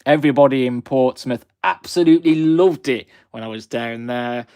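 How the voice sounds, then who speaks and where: A man's voice: medium pitch, moderate pace, darkish tone, clean tone, dry recording, studio quality. A man in his twenties with a Black Country accent, hosting a live stream and chatting with viewers in a friendly, rambling way, with frequent fillers. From West Midlands of England. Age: 20s.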